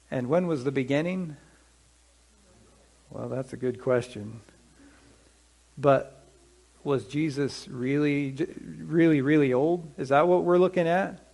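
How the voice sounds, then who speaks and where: Conversational preacher with a fairly high voice. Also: male voice, darkish tone. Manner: conversational, asks the congregation questions; slows down to stress scripture quotes. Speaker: pastor. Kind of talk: sermon.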